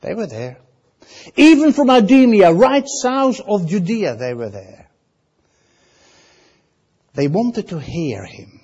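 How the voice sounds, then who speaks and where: Preaching with a Dutch accent, this man has a husky voice pitched high for a male, with big swings in pitch, and the recording sounds lo-fi. His delivery is unhurried, lurching from loud, stressed lines to hushed remarks on the side.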